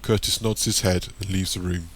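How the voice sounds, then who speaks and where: Deep-voiced male audiobook narrator. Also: fairly even intonation, normal speed, a bit bright. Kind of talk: scripted narration.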